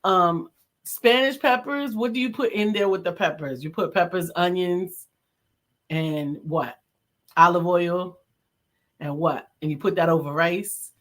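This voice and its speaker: A woman's voice: on the low side, unhurried. A woman, from the Bronx, co-hosting a casual live stream, chatting, laughing and reading viewer comments aloud. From the Bronx, New York. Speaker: co-host.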